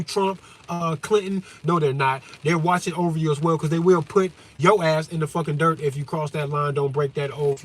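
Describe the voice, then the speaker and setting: High-voiced man ranting fervently. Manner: fervent, swings between low musing and loud shouting; heavy hesitation fillers. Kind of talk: profane rant to viewers.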